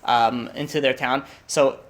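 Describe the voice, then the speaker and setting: A man's voice: medium pitch, steady tone. A young man telling a long story to a group at a holiday meal, in a casual way with frequent restarts and fillers. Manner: rushed, restarts often, many fillers.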